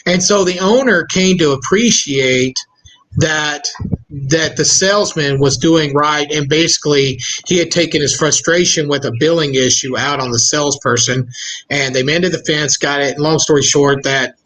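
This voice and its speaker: Podcast host telling an anecdote. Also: male voice, on the high side, normal speed, a bit bright, low-quality recording. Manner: acts out the voices in his anecdotes. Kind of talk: casual interview storytelling.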